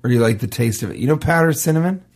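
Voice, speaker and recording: A man's voice: medium pitch, expressive, rapid-fire. A man with a mid-range voice co-hosts a comedic chat. He reads listener questions aloud as if they were grave matters, then riffs on them in a goofy, rambling way. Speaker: co-host.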